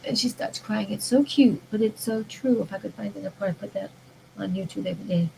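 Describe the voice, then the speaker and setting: A woman's voice: medium pitch, fast talker, creaky, warm tone, slight background noise, poor audio. A woman talking in an earnest, rambling way about mindful living, often restarting her sentences. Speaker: vlogger. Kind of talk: casual spiritual monologue.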